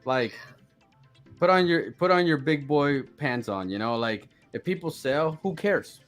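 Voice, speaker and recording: A man chatting casually on a live audio space, animated and mocking complainers in put-on voices. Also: a little high, a little slow, faint music behind. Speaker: crypto project team member.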